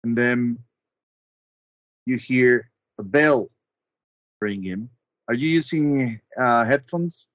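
Slow-talking guy running a tabletop game on a call, lots of ums, dull dry audio. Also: mid-range voice, a bit bright, no room sound. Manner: measured, hesitant, with frequent ums. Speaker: game master. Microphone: online voice call.

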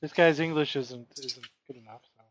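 A man's voice: mid-range voice, normal speed, a crowd in the background. A man playing a tabletop game, dry and matter-of-fact, on a slightly dull recording. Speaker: player.

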